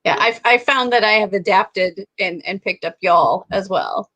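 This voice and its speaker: A woman from the American Midwest chatting as a guest, easygoing and quick to giggle. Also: mid-range voice, a bit bright, no room sound, poor audio. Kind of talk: casual chat.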